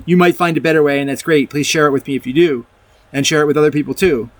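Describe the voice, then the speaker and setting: In this casual math lecture, a male video presenter explains a proof to his audience, frequently restarting his sentences. His voice sits on the high side, steady in tone, and he talks fast over a dry recording. He rambles, reading from a document and then commenting on it.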